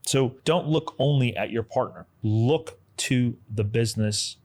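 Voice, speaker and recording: Male lawyer, mid-pitched, questioning, pushes the panel to rethink a point. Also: measured pace, few pauses, darkish tone. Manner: poses questions and reframes the issue. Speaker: business lawyer. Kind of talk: panel discussion.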